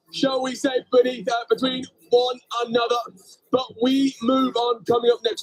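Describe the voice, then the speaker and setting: A man commentating live at a boxing event, building up the fights with energetic hype. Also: very high-pitched, low-quality recording.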